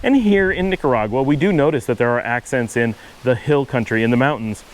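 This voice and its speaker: A man's voice: mid-range voice, lively intonation, brisk, poor audio. Man, Buffalo accent, middle-aged, casual monologue, patient, wandering asides. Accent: Buffalo, New York. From Western New York, USA. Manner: rambling, self-correcting, explains patiently with asides. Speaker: channel host.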